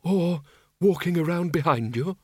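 A man voicing a very old dead wizard in a storybook reading, speaking quickly and slyly to persuade. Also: on the high side, lively intonation, breathy edge, no echo, studio quality, voice pushed up.

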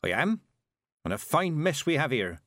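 Casting: male narrator as a commanding old storybook witch, brisk and no-nonsense, raised pitch, dry close sound. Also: big pitch swings, a bit bright, no echo.

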